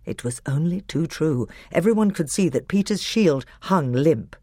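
A woman with a low voice narrates a storybook expressively. Her pitch moves a great deal. The recording is dry and close, with no room sound. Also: lively intonation, moderate pace, mellow, no room sound. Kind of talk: audiobook narration.

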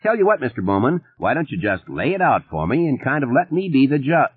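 A man's voice: mid-range voice, big pitch swings, slightly rough, pitched above the performer's own voice. A man doing a bored Yankee deputy. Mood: unhurried. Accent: New England. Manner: unhurried, comfortable drawl. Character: bored small-town male deputy, easygoing. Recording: narrow phone-like band.

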